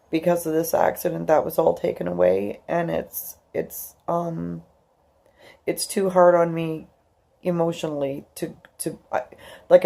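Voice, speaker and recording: A woman's voice: low voice, creaky, warm tone. A woman in her fifties talking emotionally to her YouTube viewers, tearful and rambling with many fillers. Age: 50s. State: crying. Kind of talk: emotional personal vlog.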